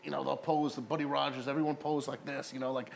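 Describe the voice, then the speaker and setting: A man's voice: mid-range voice, level tone, quick pace, gravelly, slight background noise. A man, a former pro wrestler, telling rambling, profane stories in a casual interview and putting on other people's voices.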